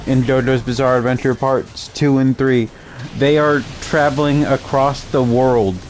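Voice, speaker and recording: A man's voice: medium pitch, darkish tone, a little hiss or hum. A young adult man giving casual, rambling gaming commentary, full of fillers and amused asides.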